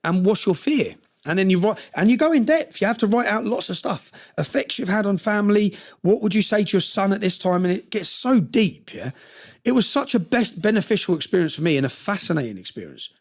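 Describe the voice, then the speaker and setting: Man, interview guest, gravelly and rapid, emotional rambling storyteller. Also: high-pitched, expressive. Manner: passionate, rambling with restarts.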